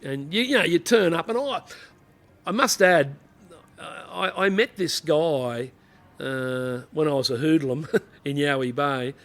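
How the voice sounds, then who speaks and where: Middle-aged aussie bloke, ex-cop yarning away, kinda high voice, lots of "you know". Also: male voice, a little slow, a bit bright. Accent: Australian. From Australia. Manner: blokey, rambling anecdotes with frequent "you know". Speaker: interview guest, former police officer. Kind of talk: casual storytelling interview.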